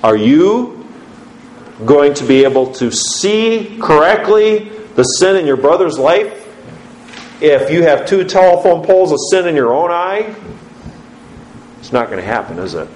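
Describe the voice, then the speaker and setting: A man preaching a sermon as pastor, putting questions to his congregation in an emphatic, lively way. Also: a little high, unhurried, pauses often. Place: church sanctuary. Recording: roomy church echo.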